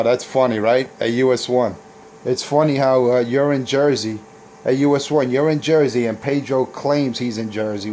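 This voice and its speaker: A man's voice: medium pitch, dark tone, a little hiss or hum. A man hosting a casual CB radio video, boasting and taunting rival operators with trash talk. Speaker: CB radio operator and channel host.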